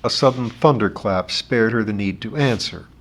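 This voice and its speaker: A man narrating a novel in a steady, expressive reading voice. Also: fairly low pitch, moderate pace. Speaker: audiobook narrator.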